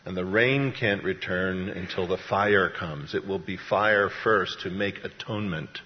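A low-pitched man preaches as pastor in church, speaking a little slowly with a folksy, conversational storytelling style and acted-out voices. The recording has a slight hiss or hum and the dull, echoey sound of a church hall.

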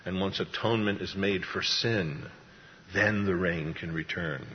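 Speaking a bit slowly in a deep voice, a pastor gives a sermon full of down-to-earth storytelling and acted-out voices, keeping it conversational. The church setting comes through as a dull, echoey hall.

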